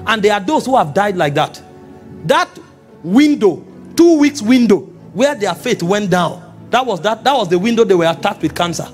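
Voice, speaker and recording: A Nigerian man preaching with an unusually high voice for a man. He delivers his sermon with lively, animated energy and often rises to shouts. Soft music plays faintly behind him. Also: normal speed. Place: church meeting.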